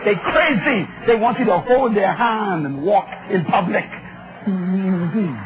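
Emphatic preacher, male, very high pitch, muffled recording with noise. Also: takes it slowly. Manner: emphatic, call-and-response with the crowd. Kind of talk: sermon on relationships.

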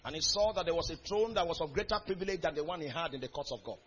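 A man's voice: a little high, lively intonation, rapid-fire, fairly bright tone, husky, highs cut off. A man preaching a sermon in a church hall, reading scripture aloud and calling out questions to the congregation. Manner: reads scripture aloud in a rising, building cadence. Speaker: pastor.

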